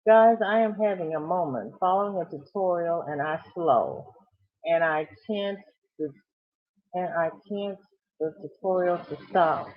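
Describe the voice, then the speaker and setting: A middle-aged woman hosting a crochet livestream, chatting casually and exclaiming as she reads viewers' comments aloud. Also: fairly low pitch. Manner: chatty, exclaiming, warm fussing over viewers. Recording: thin phone-like sound.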